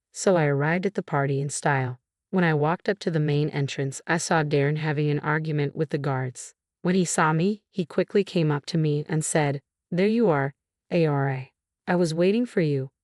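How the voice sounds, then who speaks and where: A woman reads a first-person story in a low, even voice. Her delivery is measured and unhurried. The recording is dry and close, with no room around her. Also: no room sound. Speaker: narrator.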